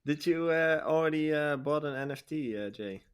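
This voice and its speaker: A man's voice: a little high, normal speed, clean tone. Guy on a podcast asking curious questions, casual. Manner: quizzing, curious.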